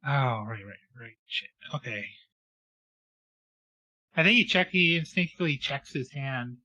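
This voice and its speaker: A man's voice: mid-range voice, lively intonation, measured pace, pushed and bright, no echo. A man playing in a tabletop game, thinking aloud hesitantly in casual talk. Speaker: player. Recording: dull lo-fi mic.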